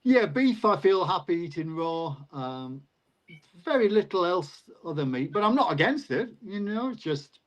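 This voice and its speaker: Lively older man telling stories. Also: normal speed, poor audio. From England. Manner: lively storyteller, pitch jumps up when recounting exchanges. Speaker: guest, retired teacher. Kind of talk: casual anecdotal storytelling.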